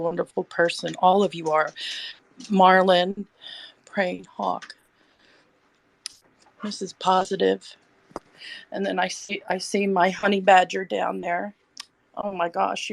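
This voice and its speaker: Effusive grandmother, low dry voice. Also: no room sound. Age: older. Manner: warm, effusive, affectionate. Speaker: caller. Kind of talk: casual chat.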